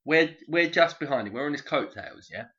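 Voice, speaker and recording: A man co-hosting a podcast in casual chat, animated and swearing freely. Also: fairly high pitch, fairly quick. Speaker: podcast co-host. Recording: dull lo-fi sound.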